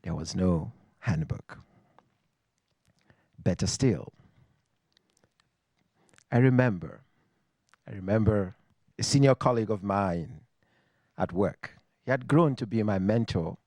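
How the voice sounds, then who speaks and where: A man from Nigeria with a Nigerian accent, telling a personal story on stage to a live audience in a reflective, wry way with dramatic pauses. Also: low-pitched, expressive, a little mellow, no room sound.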